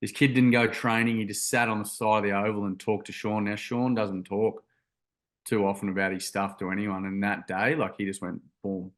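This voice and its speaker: A man's voice: lowish voice, level tone, normal speed. A young man telling a story in an interview, earnest and rambling with many ums and restarts. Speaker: guest, youth workshop founder.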